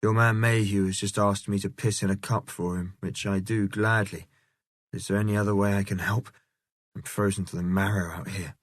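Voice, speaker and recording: A man's voice: fairly low pitch, steady tone, normal speed, dry recording, close to an everyday voice. A man voicing a weary, earnest young man, close to his own reading voice, in an audiobook. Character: wounded weary young man, cold and helpful.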